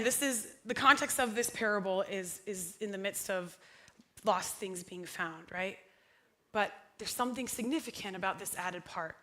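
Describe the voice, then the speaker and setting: A woman's voice: medium pitch, sharp tone. A young woman preaching a sermon in church, chatty and self-deprecating, asking the congregation questions. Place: church sanctuary.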